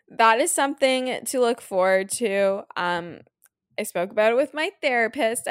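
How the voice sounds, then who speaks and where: A young woman in her twenties talks through a casual solo podcast, gushing and chatty and leaning on fillers. Her voice sits at a middle pitch. It is recorded close and dry, with no room sound. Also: no echo. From Canada. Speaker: podcast host.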